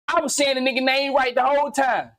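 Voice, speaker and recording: Loud, profane man ranting on camera. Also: extremely high pitch, fast. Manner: loud, animated, swings into shouting; slangy, repetitive, teasing. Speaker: gaming channel host. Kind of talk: profane comedic rant commentary.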